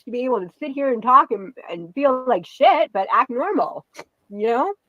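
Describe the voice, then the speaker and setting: A woman's voice: fairly high pitch, big pitch swings, normal speed, a bit bright, no echo, lo-fi sound. A woman in her forties talking in a rambling, tearful way on a livestream, full of fillers. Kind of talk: rambling personal livestream talk.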